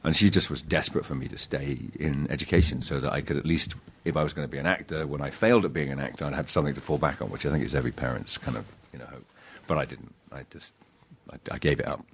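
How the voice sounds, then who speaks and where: A man with a very deep, low voice, chatting as a podcast guest. He tells stories in a halting, self-interrupting way and often pokes fun at himself. He sounds middle-aged and easygoing. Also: slight background noise. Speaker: guest actor.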